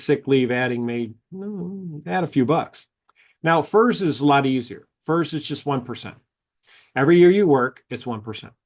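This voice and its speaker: A man presenting a seminar on government retirement benefits, explaining formulas in a chatty way and telling anecdotes. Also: mid-range voice. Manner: chatty, tells anecdotes, acts out dialogue.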